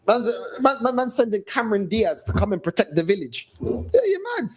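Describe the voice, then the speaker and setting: A man with a London accent rants as a fan channel host, slangy and mocking. His voice sits high, and his pitch leaps around with animated energy. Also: normal speed, a little hiss or hum. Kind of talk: casual rant.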